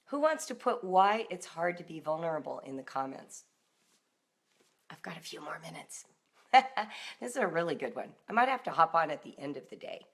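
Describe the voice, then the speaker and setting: A middle-aged woman hosting a live-streamed talk for parents, animated and now and then acting out emotional outbursts in a raised voice. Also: lowish voice, moderate pace, long pauses. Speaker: homeschooling author and host.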